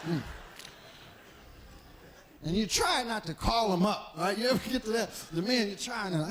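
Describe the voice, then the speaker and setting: On a live stage, a comedian in his forties speaks at normal speed in a high, fairly bright voice, pausing often. His routine is loose and profane, full of stories where he plays the people involved, and there's slight background noise.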